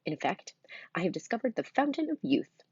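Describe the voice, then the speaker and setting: A cranky, self-important old scientist stuck in a thirteen-year-old boy's body, as a woman reading a storybook aloud puts him on. He talks indignantly and grandly, with a raised, raspy voice. The recording sounds dull and lo-fi. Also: mid-range voice, big pitch swings, brisk, darkish tone, no echo, pitched above the performer's own voice, exaggerated voice. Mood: haughty.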